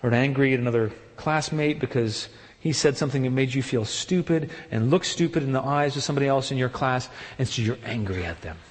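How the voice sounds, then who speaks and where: A man delivering a sermon with strong, emphatic preaching. He leaps up in pitch when he mimics the excuses people make, then drops back to a mid-range voice. His words ring out with a long reverb, as if in a large sanctuary. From partly German heritage. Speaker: pastor.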